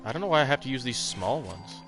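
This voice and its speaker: A man's voice: medium pitch, expressive, quick pace, vocal fry, music in the background. A man hosting a casual let's play stream, rambling and swearing, with lots of fillers. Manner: rambling, profane, full of fillers. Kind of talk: casual gameplay chat.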